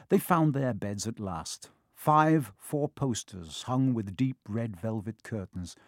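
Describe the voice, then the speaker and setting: Guy narrating an audiobook, expressive storytelling, dead dry sound. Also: medium pitch, dry recording. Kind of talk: audiobook reading.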